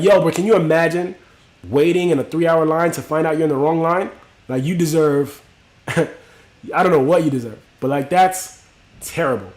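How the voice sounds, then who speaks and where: A man's voice: a little high, echoey room. A young man hosting a livestream, telling a story in casual, profane street slang and talking straight to his chat. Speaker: livestream host.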